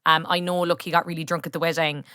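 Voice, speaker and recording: A young Irish woman with a Kerry accent chats as a podcast guest, lively and quick to laugh. Her voice is bright and smooth, recorded close and dry. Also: low-pitched. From County Kerry, Ireland. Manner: lively, laughs often, gushing. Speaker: podcast guest, freelance writer. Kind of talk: casual film chat.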